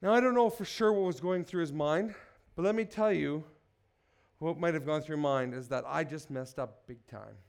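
High-voiced, joking preacher. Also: male voice, normal speed, vocal fry. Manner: energetic, joking, asks the crowd questions. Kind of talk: sermon. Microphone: microphone.

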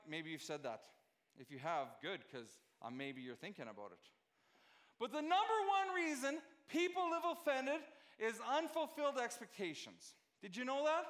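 A man's voice: very high-pitched, fairly bright tone. A male pastor giving a conversational sermon to a congregation, often checking in with his listeners.

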